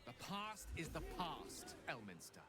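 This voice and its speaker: A man's voice: fairly high pitch, sing-song, a little slow, music in the background. An actor voicing a proud, witty male wizard in a video game, speaking in a wry, articulate way. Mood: wry unease. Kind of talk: game voice acting.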